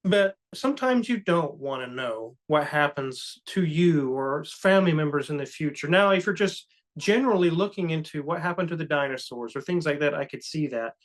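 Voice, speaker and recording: A man's voice: a little high, expressive, moderate pace, hardly any pauses. A man co-hosting a podcast, talking in an earnest, cautious, reflective way in casual chat. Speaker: co-host.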